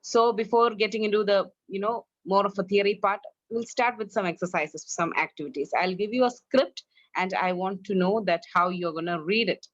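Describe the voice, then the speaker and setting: A woman's voice: mid-range voice, normal speed, dry recording, lo-fi sound. A woman with an Indian English accent teaching English online, correcting her students' pronunciation and drilling them. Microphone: online class, video call.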